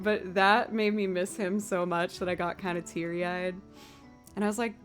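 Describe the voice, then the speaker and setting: A woman from Massachusetts in the United States hosts a live music stream, chatting casually between songs and telling a story with a laugh. Her mid-range voice has fairly even intonation at a normal speed.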